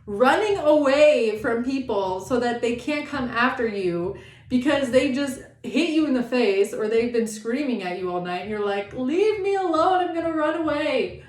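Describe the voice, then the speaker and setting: A tarot reader gives a casual reading, animated and sassy, swearing often and acting out the people she describes. Her voice is on the high side at a measured pace, and the sound is roomy.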